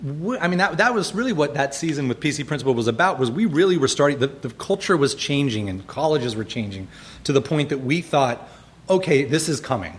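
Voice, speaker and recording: A man's voice: fairly high pitch, lively intonation, fairly quick. A man guesting on a podcast, telling stories in casual chat, acting out quotes and laughing as he talks. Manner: storytelling, laughing asides, acts out quotes.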